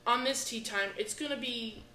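A young woman co-hosts a casual chat show, telling stories with lots of swearing and animation. Her voice sits high and sounds bright and sharp. The room around her is audibly echoey. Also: moderate pace, slight background noise. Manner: profane, animated storyteller. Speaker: podcast co-host.

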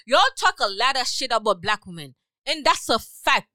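A woman's voice: a little high, big pitch swings, normal speed, sharp tone, dry recording, studio quality. A woman in a heated casual debate, blunt and talking over the others.

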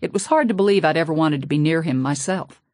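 A woman narrating a novel in the first person, steady and low-key, close to the mic. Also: fast talker, no room sound. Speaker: audiobook narrator. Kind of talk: audiobook narration.

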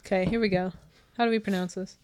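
A woman's voice: medium pitch, fairly even intonation, fast, darkish tone. Woman, American accent, podcast host, casual chat, lots of fillers, laughs a lot. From United States. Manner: chatty, many fillers, laughs often.

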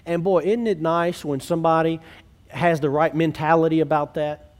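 High-voiced preaching man, earnest. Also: steady tone, moderate pace. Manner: earnest, conversational preaching with rhetorical questions. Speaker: pastor. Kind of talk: sermon. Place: church sanctuary.

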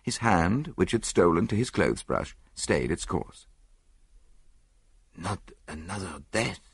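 Man, audiobook narration, husky, low, very animated pitch, dry close mic. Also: no echo. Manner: measured first-person storytelling. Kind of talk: scripted narration.

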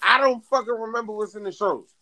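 Brash New man hosting a casual talk show, high gravelly voice, bright sound. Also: fairly quick, over a noisy crowd, low-quality recording. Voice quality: gravelly, loud and joking. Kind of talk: casual chat. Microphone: phone app audio.

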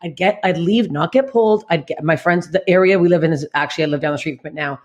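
Fast-talking blunt woman comedian. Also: fairly low pitch, lo-fi sound. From Canada. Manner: blunt, swears constantly, animated retelling. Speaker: guest comedian. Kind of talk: candid podcast storytelling.

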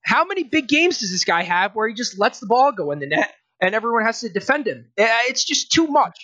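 A man's voice: high voice, sing-song, brisk, bright, forceful tone, no echo. A young man co-hosting a casual sports podcast, ranting in exasperation, laughing and restarting his sentences. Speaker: podcast co-host.

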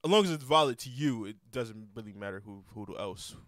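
A man's voice: fairly low pitch, lively intonation, fairly quick, a bit bright, no echo, studio quality. A young man hosting a casual podcast, rambling with lots of repeated words and cursing freely. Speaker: podcast host.

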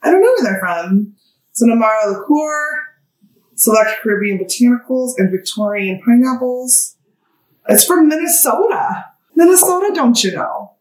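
A woman co-hosting a podcast while mixing cocktails, talking casually, swearing freely and breaking into loud outbursts. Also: on the high side, animated, normal speed, distant mic. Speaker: podcast co-host and bartender. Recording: echoey room, voice a bit off-mic.

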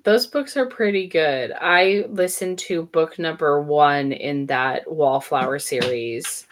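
A woman's voice: sits low, slow, a little hiss or hum. A woman hosting a book podcast who chats in an easygoing way and reads the show's sign-off. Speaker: podcast host. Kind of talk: casual chat and show outro.

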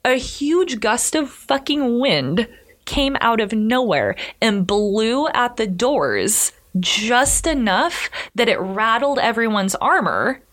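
A woman co-hosting a podcast, telling a history story in casual chat, animated and swearing often as she acts out the people in it. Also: fairly high pitch. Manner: animated, swears often, acts out characters in quick quoted voices.

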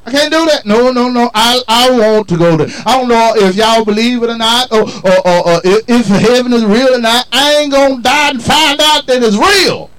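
A man's voice: very high-pitched, normal speed, few pauses, fairly bright tone, smooth, rough recording. A man preaching a sermon in a colloquial, call-and-response style, emphatic and folksy. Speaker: pastor.

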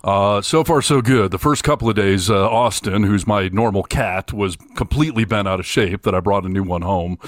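A man co-hosting a casual talk show from a room at home, easygoing and quick to laugh along with the banter. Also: on the low side, no room sound, clean studio sound. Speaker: podcast co-host. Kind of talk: casual chat.

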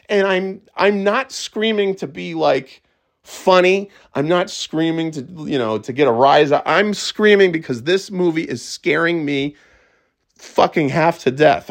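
Excitable, cursing middle-aged man. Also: a little high. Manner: excitable, swears freely, trips over restarts. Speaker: podcast host. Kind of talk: casual monologue.

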